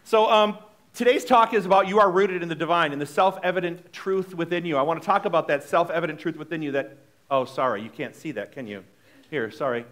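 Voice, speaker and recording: Guy preaching sunday talk, kinda high voice, loose and chatty. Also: a little fast, fairly bright tone. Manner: chatty and informal, with restarts. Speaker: minister. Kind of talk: sermon. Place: church sanctuary.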